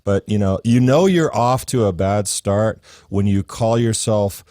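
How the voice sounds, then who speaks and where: A man's voice: lowish voice, a little slow, warm tone, no room sound, studio quality. A man hosting a podcast interview, chatting in a wry, conversational way. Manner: wry, conversational, light laughter. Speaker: podcast host. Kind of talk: casual interview chat.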